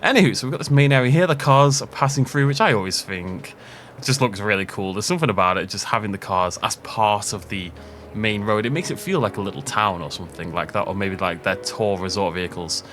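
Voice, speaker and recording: A man giving a casual, upbeat commentary on a video game park tour, chatty and quick to laugh at his own jokes. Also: on the low side, fairly bright tone, a little hiss or hum.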